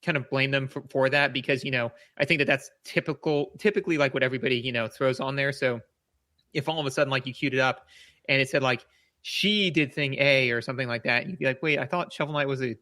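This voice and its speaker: A man's voice: medium pitch, fast, sharp tone, no room sound, clean studio sound. A man co-hosting a podcast in casual chat, rambling and searching for words with many repeats. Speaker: podcast co-host.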